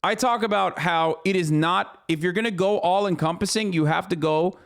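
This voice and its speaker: A man's voice: high voice, moderate pace, clean tone. A man streaming a reaction to a news clip, ranting in an exasperated, profane way. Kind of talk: heated reaction commentary.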